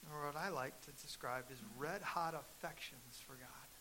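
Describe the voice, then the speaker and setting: A middle-aged man preaching a sermon as pastor, telling stories and building to loud, emphatic peaks. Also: on the high side, normal speed, a little hiss or hum, low-quality recording.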